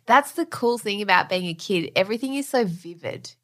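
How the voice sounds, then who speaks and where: A woman speaking earnestly in casual chat, colloquial and quick to laugh. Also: mid-range voice, animated. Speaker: podcast co-host.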